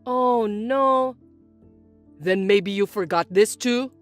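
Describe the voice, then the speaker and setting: A patient grown son, put on by a woman narrating the story, speaks in a lowered, measured voice. He reasons firmly and never raises his tone. Faint music runs behind him. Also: dry recording, lightly acted. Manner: measured, reasoning, low and firm. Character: calm, patient adult son and husband. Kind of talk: dramatized story reading.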